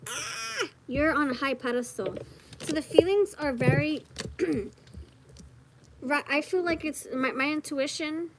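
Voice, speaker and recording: A woman giving a casual tarot reading straight to the viewer, chatty and giggly, thinking out loud as she goes. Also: high-pitched, animated, measured pace, long pauses, noisy background. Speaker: tarot reader.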